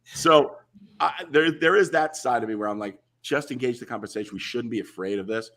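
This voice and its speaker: A man, a guest on a talk show, chatting casually and telling lively anecdotes over a video call. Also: mid-range voice, a little fast. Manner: animated storyteller, acts out other people's lines.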